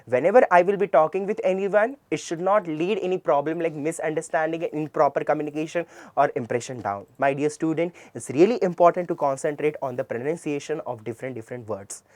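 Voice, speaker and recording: A man's voice: fairly high pitch, brisk, darkish tone, dry recording. Man, Indian English accent, classroom lecture, spells and repeats words emphatically, dry sound. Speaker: English communication teacher.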